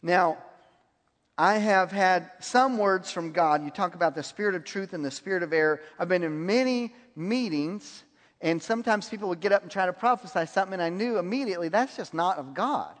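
A man's voice: high-pitched, fairly quick, a bit bright. A man preaching a sermon, telling stories and laughing at his own anecdotes. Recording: long hall reverb.

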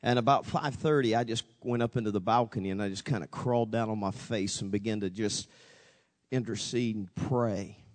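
A man's voice: lowish voice, moderate pace, long reverb tail. A pastor preaching a sermon, telling a story with dramatic swings, acting out both his own voice and God's. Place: church sanctuary.

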